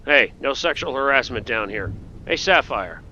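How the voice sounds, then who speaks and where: A man's voice: medium pitch, sing-song, normal speed, sharp tone, lo-fi sound. Playful man narrating a game. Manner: playful, jokey, talks to game characters. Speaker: gaming host. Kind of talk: playthrough commentary.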